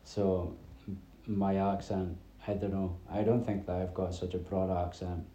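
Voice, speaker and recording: Low, flat-voiced man from north-east Scotland. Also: moderate pace, roomy sound. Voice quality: drops his T sounds. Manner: rambling, chatty storytelling with many fillers. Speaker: podcast host. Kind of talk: casual solo podcast chat.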